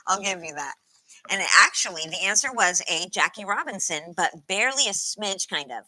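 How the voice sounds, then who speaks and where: A woman's voice: mid-range voice, lively intonation, moderate pace, pushed and bright, low-quality recording. A woman hosting a casual trivia stream, playful and laughing often as she reads out chat.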